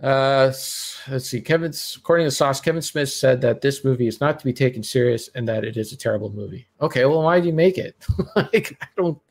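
This man's mid-range voice moves a little fast as he hosts a casual podcast chat. He gives his opinions bluntly and tends to ramble.

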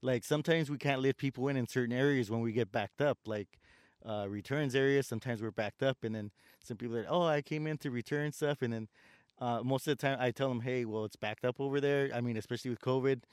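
A man's voice: mid-range voice, quick pace, smooth, no echo, studio quality. A man ranting casually about his customer service job, swearing and acting out the customers he deals with. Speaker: store door greeter in customer service. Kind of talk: casual chat.

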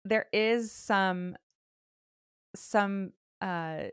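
A woman's voice: medium pitch, drawn-out words, clean tone, no room sound. A young woman from Southern California co-hosting a podcast, rambling casually and hesitantly on a close mic. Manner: rambling, hesitant, restarts and fillers. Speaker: podcast co-host.

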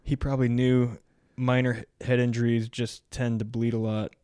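Blunt joking podcast host. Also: male voice, medium pitch, little pitch movement, normal speed, mellow, clear, resonant tone, no room sound, clean studio sound. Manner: blunt, joking, swears casually. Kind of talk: casual podcast chat.

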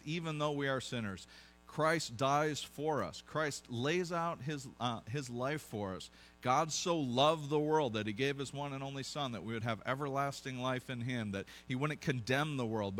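A man's voice: medium pitch, a bit bright. A pastor preaching a conversational sermon to his congregation, asking them questions as he goes.

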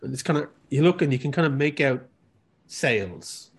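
A man's voice: medium pitch, lively intonation, moderate pace, breathy edge. A man narrating as game master in a tabletop game, loose and rambling with many fillers.

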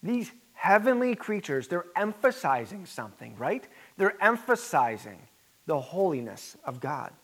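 A pastor preaching a sermon in an earnest, emphatic way, with conversational asides. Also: male voice, high-pitched, sing-song, measured pace, fairly bright tone.

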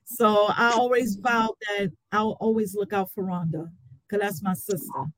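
A woman guest on a casual live-stream chat, telling stories warmly and from the heart. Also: mid-range voice, fairly even intonation, moderate pace, no echo, low-quality recording. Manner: warm, storytelling, heartfelt.

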